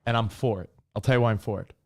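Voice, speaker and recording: A man's voice: lowish voice, racing, darkish tone. A man co-hosting a podcast in a playful, teasing casual chat. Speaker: podcast co-host.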